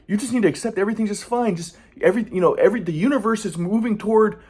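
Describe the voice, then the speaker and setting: A man voicing his older grandfather, who lectures calmly in a preachy, placid way. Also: high voice, very fast, breathy edge, voice pushed up.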